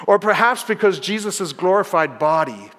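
A man delivers an earnest sermon in a church sanctuary, his fairly high voice trailing off into long reverb. He tells the story warmly and drops softer on key words for emphasis. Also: lively intonation, normal speed. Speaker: pastor.

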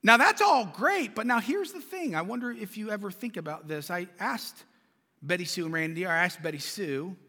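In a large church with long reverb, a pastor delivers a sermon in a high, expressive voice that is bright and forceful, at a moderate pace. His style is conversational, full of repeated words and questions aimed at the congregation.

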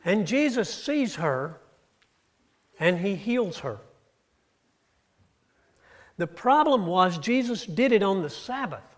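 Male preacher, slightly high voice, storytelling sermon delivery with rises and drops. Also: sing-song, takes it slowly, pauses often. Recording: audio-only church recording.

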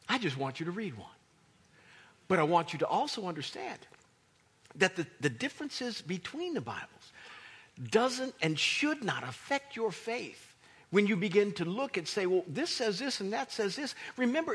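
A man preaching a sermon as a pastor, animated and emphatic, with a slightly husky voice. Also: very high voice. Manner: animated preaching, rising to near shouts for emphasis.

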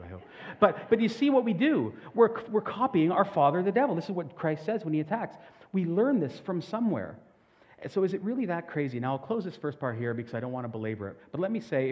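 A man preaching a sermon as pastor, talking earnestly and building to loud, emphatic peaks. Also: medium pitch. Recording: dull sound with long hall reverb.

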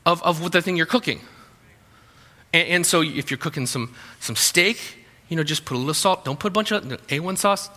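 A man preaching a sermon with a sharp, very bright tone and a slightly high voice. He talks in a conversational way, restarting phrases and slipping in humorous asides. His voice carries a long reverb from a large hall. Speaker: pastor.

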